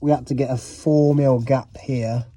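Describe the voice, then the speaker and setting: A man's voice: medium pitch, fairly even intonation, unhurried, mellow. A man vlogging a car repair outdoors, chatting and explaining each step as he works. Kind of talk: casual hands-on vlog narration.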